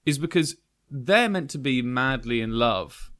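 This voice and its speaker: A man co-hosting a casual film podcast, talking in an animated, blunt way and swearing freely. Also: mid-range voice, unhurried. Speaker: podcast co-host.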